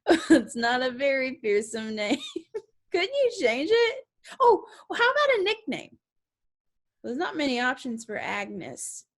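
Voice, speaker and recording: A woman's voice: sits high, sing-song, a little slow, exaggerated voice. Woman doing a bubbly Southern girl. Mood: giggling. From New Orleans, US South. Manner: giggly, endlessly chattering, overly polite. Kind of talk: stage play acting.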